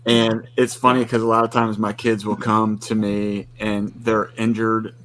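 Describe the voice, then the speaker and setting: A man's voice: lowish voice, flat delivery, a little slow, a bit bright, slight background noise. A man and father on a casual livestream chat. He talks with dry, blunt, self-deprecating humor. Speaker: guest and father.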